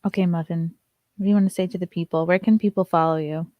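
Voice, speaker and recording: A woman's voice: steady tone, quick pace, no room sound, phone-quality sound. Woman comic, host of a morning show, casual and chatty, dry close sound. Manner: chatty, turns to high sing-song baby talk with her dog. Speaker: comedian hosting a morning show. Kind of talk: casual chat, reading viewer comments.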